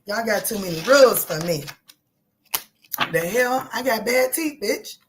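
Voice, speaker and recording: A woman giving a casual tarot reading, talking in a chatty, animated way, swearing and joking with her viewers. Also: fairly high pitch, unhurried, background noise. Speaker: tarot reader.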